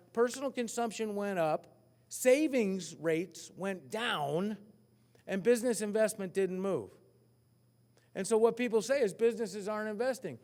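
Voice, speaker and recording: A man speaking as an economist at a forecast breakfast, animated, asking the audience questions and poking fun at himself. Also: sits high, long reverb tail. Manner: animated, asks the crowd questions, self-mocking. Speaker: economist giving a keynote. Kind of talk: lively forecast speech to an audience.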